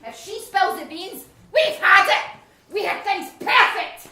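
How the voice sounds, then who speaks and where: A woman playing a ruthless, scheming accomplice with a sharp, bossy manner, in an amateur stage play. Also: very high voice, unhurried, heavily acted. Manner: sharp and bossy, switching to sugary politeness. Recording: echoey hall.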